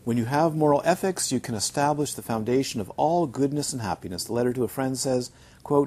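A man's voice: medium pitch, a little fast, darkish tone, husky. A man teaching as a Buddhist teacher during a retreat, chatty and checking in with his listeners as he tells funny stories. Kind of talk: Dharma talk on a retreat. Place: retreat centre.

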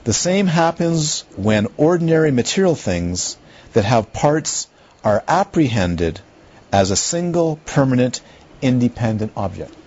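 A middle-aged man gives a Buddhist philosophy lecture, wandering off into asides and checking in with his listeners. His voice is mellow and a little husky. The recording is dull and lo-fi. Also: mid-range voice, big pitch swings, measured pace. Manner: rambling, conversational, checks in with listeners. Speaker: Buddhist teacher. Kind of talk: lecture to a class.

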